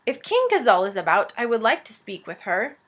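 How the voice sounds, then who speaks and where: A woman voicing a brisk, businesslike king in a storybook reading. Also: a little high, very animated. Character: brisk kind middle-aged male king.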